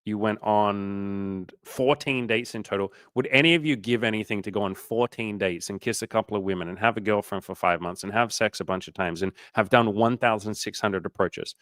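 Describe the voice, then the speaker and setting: A man hosting a casual livestream as a dating coach, giving an energetic, profane pep talk. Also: on the low side, brisk, hardly any pauses, no room sound, clean studio sound.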